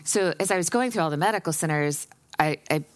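A woman's voice: deep voice, fast talker, no echo. A woman podcast host being interviewed, telling a personal story with many fillers and restarts, and growing emotional.

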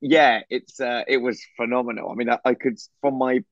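A man's voice: medium pitch, steady tone, brisk, no room sound. Man, podcast co-host, rambling and giggly, lo-fi call audio, dry sound. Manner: laughs often, rambling and self-deprecating. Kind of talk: casual chat over a video call. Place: echoey hotel room, on a bed.

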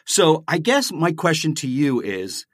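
Co-host from Canada, male, animated and varied pitch, dry, direct interviewer. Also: measured pace, no echo. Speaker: podcast co-host. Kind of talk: casual podcast interview.

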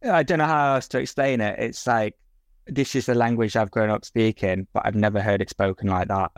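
A man's voice: fairly low pitch, steady tone, brisk, no room sound. A man co-hosting a casual sports podcast with a dry, joking manner. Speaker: podcast co-host. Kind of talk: casual chat.

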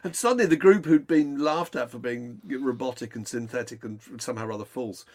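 A man co-hosting a podcast, chatting in a rapid, animated way that trails off at times. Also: medium pitch. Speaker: podcast co-host. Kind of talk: casual chat.

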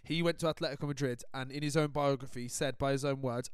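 A man's voice: medium pitch, steady tone, fast, clear, resonant tone, dry recording. A young man co-hosting a casual football podcast, banterous and teasing, swearing freely. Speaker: podcast co-host.

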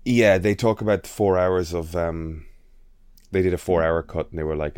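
A man co-hosting a film podcast in a relaxed, chatty way, with plenty of fillers. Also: low-pitched, normal speed, clean tone, dry recording, clean studio sound. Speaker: podcast co-host. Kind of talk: casual film chat.

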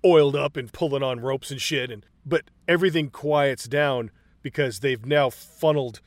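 A man co-hosting a casual film chat, excited and profane, acting out movie lines as he retells scenes. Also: medium pitch, moderate pace, dry recording. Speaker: podcast co-host.

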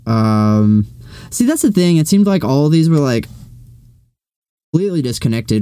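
Man, warm mellow tone, smooth, dry close sound, rambling casual chat. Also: mid-range voice, no room sound. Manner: rambling, lots of fillers and swearing. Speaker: podcast co-host.

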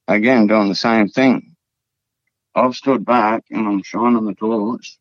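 A man from Australia's Northern Territory, guesting on a podcast, spins a rambling yarn full of swearing, fillers and repeated words. He talks slowly in a steady, low-side voice. The recording is dull, dry lo-fi with no echo.

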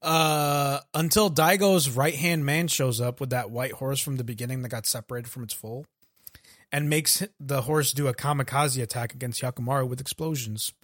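A laid-back man chatting casually with friends, recapping scenes and cursing freely. His voice sits in an ordinary middle pitch. It sounds dry and close, with no room around it. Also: moderate pace, fairly bright tone, no echo. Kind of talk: casual anime recap chat.

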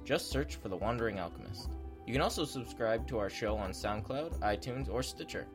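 Man, podcast host, quick scripted intro, music underneath. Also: on the low side, lively intonation. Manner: upbeat, promotional.

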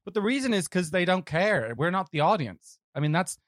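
A man's voice: high-pitched, a little fast, no room sound. Irish guy ranting about films, dry sound. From Ireland. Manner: rambling, animated, lots of fillers and restarts. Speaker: podcast co-host. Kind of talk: casual film-review chat.

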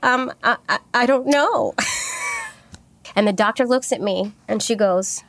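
A woman's voice: a little high, unhurried, long pauses, a bit bright, no echo. Candid rambling woman telling a story. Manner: candid, rambling, with many fillers and restarts. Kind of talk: casual storytelling chat.

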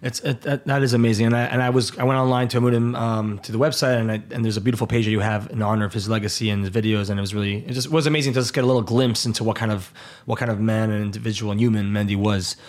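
A man's voice: on the low side, fairly even intonation, rapid-fire, hardly any pauses. A man hosting a podcast interview, reacting with encouragement and asking questions. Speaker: podcast host. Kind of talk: interview conversation.

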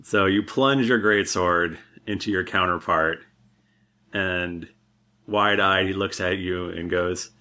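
A man narrating and running a tabletop role-playing game as game master, in a relaxed, halting way with fillers. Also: deep voice.

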